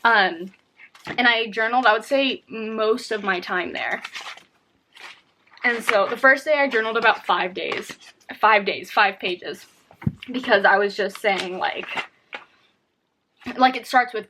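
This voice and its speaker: A woman's voice: mid-range voice, normal speed, pushed and bright. A young woman speaks straight to her viewers in a personal vlog, telling her own story. She rambles candidly, often restarting sentences and filling gaps with small verbal fillers. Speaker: vlogger.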